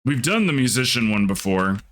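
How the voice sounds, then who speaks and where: Rambling man streamer with a bright, forceful voice. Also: mid-range voice, very animated, fairly quick. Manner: rambling storyteller acting out quotes. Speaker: livestreamer. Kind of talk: casual stream chat.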